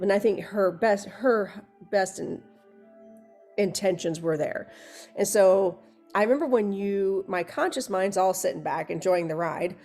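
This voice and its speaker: A woman hypnosis practitioner co-hosting a candid chat, telling stories in a rambling, animated way. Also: mid-range voice. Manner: rambling, animated storytelling with restarts.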